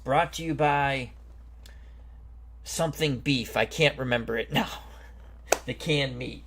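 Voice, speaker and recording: Slow-talking man hosting a football sim. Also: mid-range voice, background noise. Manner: slow, chatty, greets viewers and stumbles over names. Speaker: host. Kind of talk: casual game commentary.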